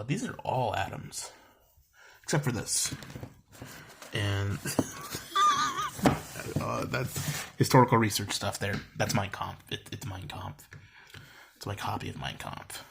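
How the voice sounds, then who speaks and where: Heavy background noise surrounds a young man's gravelly, lowish voice as he chats casually at home. Showing his book collection by the bookshelves, he rambles with many fillers and wry comments.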